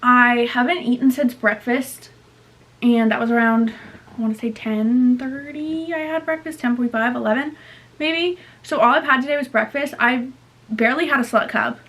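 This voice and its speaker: A woman in her twenties vlogging casually to camera, rambling and chatty with lots of fillers, sounding low on energy. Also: normal speed, a bit bright. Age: 20s. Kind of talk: casual vlog chat to camera.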